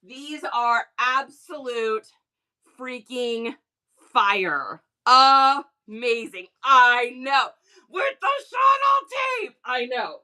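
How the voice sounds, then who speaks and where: A woman hosting a casual reseller livestream, chatty, excitable and full of exclamations. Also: a little high, extremely slow.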